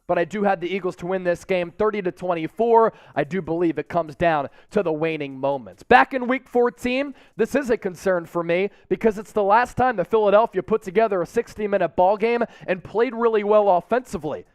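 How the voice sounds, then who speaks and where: A young man hosting a live sports watch party stream from a studio, energetic and hyping up viewers with shout-outs. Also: high voice, fairly quick, hardly any pauses, no echo. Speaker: sports show host.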